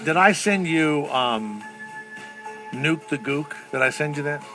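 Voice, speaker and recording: A middle-aged man hosting a radio show, telling a story in casual chat with animated, rambling energy. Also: fairly high pitch, takes it slowly, over music. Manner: animated, breaks into loud sing-song la-las. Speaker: radio host.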